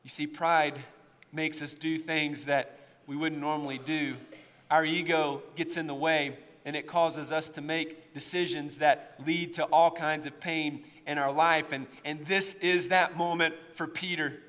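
A pastor with a faint East Tennessee accent preaching a sermon, swinging into loud, impassioned stretches when he stresses a point. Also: a little high, fairly even intonation, a little slow. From United States. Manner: impassioned preaching, rising to near-shouts at emotional peaks. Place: church sanctuary. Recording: long hall reverb.

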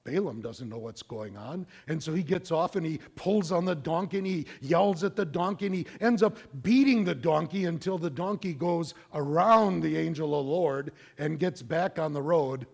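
A middle-aged man preaching a sermon, telling a story in an animated, conversational way. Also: a little high, moderate pace, creaky, few pauses. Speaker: pastor.

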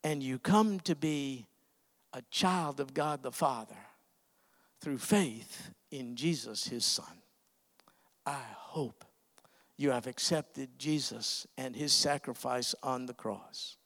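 A man preaching a sermon, telling an emotional story with frequent pauses and hesitations. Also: mid-range voice, a bit bright, long reverb tail.

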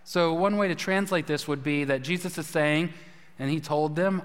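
Pastor guy preaching, chatty, throws questions at the crowd, high voice, big echoey church. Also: measured pace, clear, resonant tone. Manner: conversational, asks the congregation questions. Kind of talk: sermon. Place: church sanctuary. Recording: long hall reverb.

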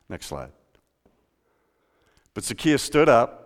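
A man pastor preaching a sermon in a church, telling the story with lively rhetorical questions. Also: mid-range voice, moderate pace, pauses often, in a large hall.

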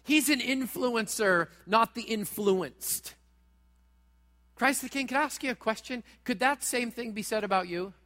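A pastor preaching a sermon in a church, talking straight at the congregation in a dramatic way. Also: male voice, very high voice, a little slow, pushed and bright, long reverb tail. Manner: dramatic, direct, acts out quoted voices.

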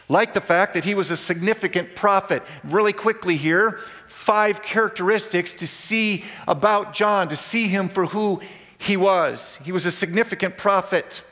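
A man preaching a sermon as pastor, emphatic, repeating key phrases and slowing down to stress points. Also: high voice, pushed and bright, in a large hall. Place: church sanctuary.

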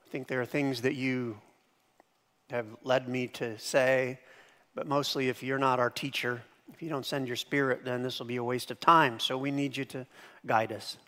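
A man preaching a sermon as pastor, lively, dropping to hushed tones and bursting into shouted impressions. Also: medium pitch, moderate pace, big-room sound.

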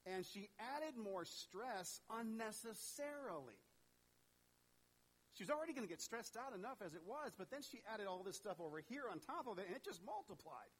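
Animated high-voiced male preacher. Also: moderate pace, husky, low-quality recording. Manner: animated, conversational, talks straight to the congregation. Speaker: pastor. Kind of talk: sermon.

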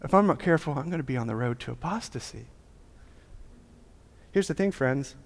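A man's voice: medium pitch, expressive, fairly quick, vocal fry. A man preaching a sermon as a pastor, with a casual, joking, conversational delivery. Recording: long hall reverb.

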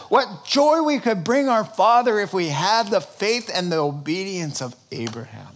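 A man preaching a sermon in an animated, humorous storytelling way, often restarting his phrases. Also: fairly high pitch, moderate pace. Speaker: pastor.

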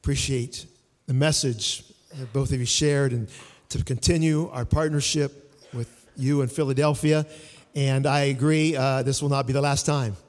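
A man's voice: medium pitch, fairly even intonation, normal speed, darkish tone. Man closing the event in a hall. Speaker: host. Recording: echoey hall.

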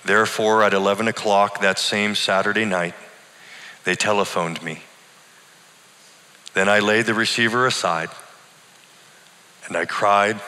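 A middle-aged male pastor tells a personal story in a sermon style, earnest and deliberate. His voice sits fairly low but comes across bright and forceful. A long reverb from a large hall hangs after his words. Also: fairly even intonation.

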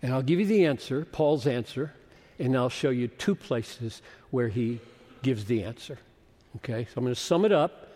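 A man in his seventies preaching a sermon as a pastor, slow and emphatic, rising to loud bursts. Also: mid-range voice. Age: 70s. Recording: long reverb of a large hall.

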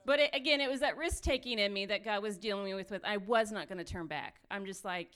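A woman telling her own mission trip story with lively, run-on phrasing, laughing often as she goes. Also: medium pitch, fast, clean tone. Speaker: missionary sharing testimony. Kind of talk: animated personal storytelling.

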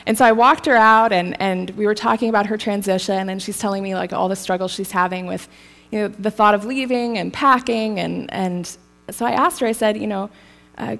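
A woman's voice: mid-range voice, fairly quick, creaky. A woman preaching a sermon in a casual, storytelling way, laughing lightly now and then.

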